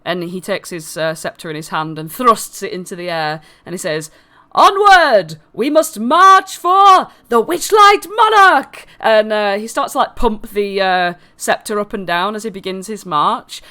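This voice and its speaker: A woman's voice: on the low side, fairly even intonation, moderate pace, few pauses, bright, forceful tone. A woman narrating a tabletop game as game master, describing scenes loosely with many fillers. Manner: rambling, filler-heavy description.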